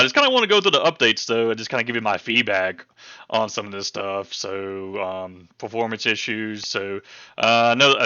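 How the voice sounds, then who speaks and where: A gaming channel host casually goes over game patch notes, rambling and chatty with many ums and the occasional hiccup. His lowish voice has a sharp tone, and the dry recording has its highs cut off.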